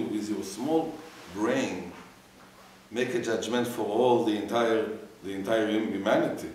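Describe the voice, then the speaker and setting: A man's voice: on the low side, unhurried, a little mellow, slight background noise. A man, a rabbi, giving a Torah class and quizzing his students, mixing in Hebrew phrases. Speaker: rabbi teaching a weekly class. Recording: echoey room, mic far off.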